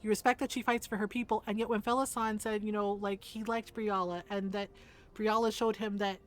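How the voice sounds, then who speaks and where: A woman's voice: medium pitch, level tone, fairly quick. A woman streamer in casual commentary, ranting emphatically and swearing a lot. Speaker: game streamer.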